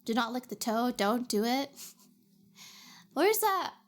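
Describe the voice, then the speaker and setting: A woman's voice: fairly high pitch, very animated, slow, faint music behind. Playful chatty young woman streamer. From Canada. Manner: chatty, playful, reacts to chat. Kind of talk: casual chat.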